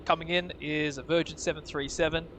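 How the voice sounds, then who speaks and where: An Australian man with a slightly high voice talks through planes taxiing and landing in a loose, chatty way. He is outdoors, with faint background noise behind him. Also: brisk. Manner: relaxed, chatty, thanks viewers, frequent uh fillers. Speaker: co-host of a plane-spotting livestream. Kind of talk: live spotting commentary and viewer chat. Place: outdoors at an airport car park.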